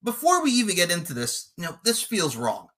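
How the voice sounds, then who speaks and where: A man cutting a boastful, profane wrestling trash-talk promo, taunting his opponent and breaking into shouted lines. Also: high voice, wildly swooping pitch, a little fast. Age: adult, podcasting eight years. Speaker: podcast promo contestant.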